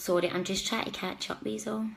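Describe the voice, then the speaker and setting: A woman's voice: mid-range voice, steady tone, fast talker, vocal fry, slight background noise. A woman hosting a live-stream psychic reading, talking chattily and apologetically straight to her viewers. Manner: chatty, warm-hearted, apologetic, speaks directly to viewers. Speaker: psychic reader.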